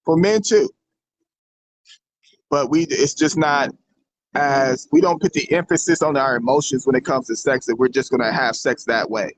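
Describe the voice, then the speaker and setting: A man's voice: mid-range voice, moderate pace, slight background noise, low-quality recording. A man hosting a casual opinion show, talking bluntly and emphatically, with some swearing. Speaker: show host.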